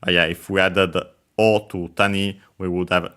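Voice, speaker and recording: A man giving a language lesson over a video game playthrough, hesitant, full of fillers and quick self-corrections, chuckling now and then. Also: sits low, level tone, sharp tone, clear, resonant tone. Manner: explanatory, chuckles while explaining. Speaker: language teacher. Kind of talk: let's-play language lesson.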